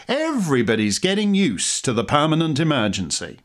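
A man's voice: a little high, wildly swooping pitch, moderate pace, hardly any pauses. A middle-aged man hosting a commentary show, delivering sarcastic, mocking scripted remarks with dry wit.

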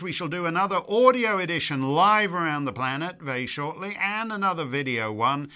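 A man with a bright, forceful voice, talking through listener letters as host. His commentary is measured and opinionated, broken up by frequent pauses and "uh"s. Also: medium pitch, expressive. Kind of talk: conversational commentary.

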